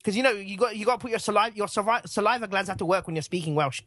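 A podcast co-host in casual chat, excitable and quick with jokes. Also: medium pitch, no room sound, studio quality.

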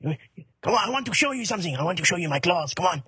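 A man's voice: extremely high pitch, wildly swooping pitch, fast, husky, no echo, full character voice. A man voicing a sly male tiger who coaxes someone closer in a playful, mock-persuasive way. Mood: coaxing.

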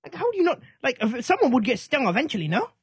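A man co-hosting a podcast, chatting casually and questioning things in an incredulous, animated way. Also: extremely high pitch, fast, husky, no echo. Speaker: podcast co-host. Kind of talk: casual chat.

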